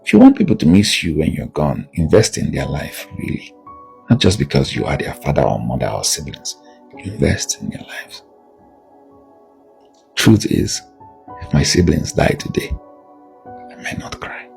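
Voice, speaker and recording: A very low, gravelly male voice with wide swings in pitch, speaking bluntly and insistently in a personal monologue. Soft music plays faintly behind him. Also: huge pitch swings, normal speed. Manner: blunt and emphatic, rising to raised insistence. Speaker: video monologue host.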